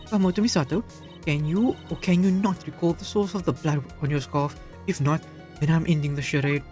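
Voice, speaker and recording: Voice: medium pitch, steady tone, brisk, a little mellow, soft background music, pitched above the performer's own voice, natural voice. A player reading the lines of a haughty prosecutor in a fan visual novel, formal and contemptuous. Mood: scornful.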